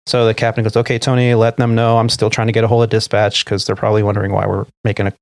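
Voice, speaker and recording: A man's voice: fairly low pitch, very fast, no echo, clean studio sound. A middle-aged man, an airline pilot who co-hosts a podcast, telling a story casually and acting out the dialogue. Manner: animated retelling, acting out quoted dialogue.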